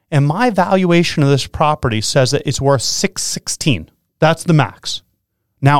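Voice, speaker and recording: Excitable male radio host. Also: medium pitch, dry recording, studio quality. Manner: energetic, animated, quick to laugh. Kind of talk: excited casual radio talk.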